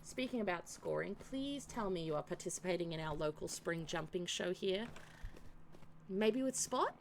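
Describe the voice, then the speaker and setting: A woman's voice: lowish voice, expressive, normal speed, a little hiss or hum, voice pushed down. A woman reading aloud a riding instructor's game dialogue in an explanatory tone. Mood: instructive.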